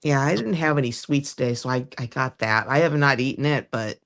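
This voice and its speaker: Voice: medium pitch, a little fast, a bit bright. A livestream host in casual chat, talking in a rambling, chatty way that often trails off mid-sentence.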